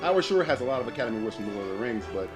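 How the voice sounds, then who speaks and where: A man's voice: medium pitch, big pitch swings, rapid-fire, over music. A man co-hosting a podcast in casual chat, rambling with frequent restarts, swearing and laughing often. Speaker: podcast co-host.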